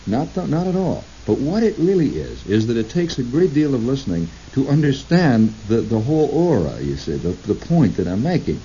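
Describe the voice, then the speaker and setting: A man broadcasting on radio, telling a long rambling story in a halting, digressive way, breaking into quoted voices. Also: mid-range voice, sing-song, warm tone. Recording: lo-fi recording with faint hiss.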